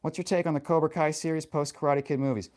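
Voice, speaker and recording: A man live-streaming in casual chat, answering viewers in a rambling, profane way full of fillers, and getting animated when he rants. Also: on the high side, fast. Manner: animated and passionate when ranting.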